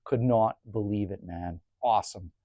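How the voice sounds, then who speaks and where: A man's voice: lowish voice, moderate pace, no room sound, lo-fi sound. Laid-back swearing man telling a story. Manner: laid-back, swears freely, animated when retelling. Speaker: cabin vlogger. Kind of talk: casual storytelling. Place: woodshed by a woodstove.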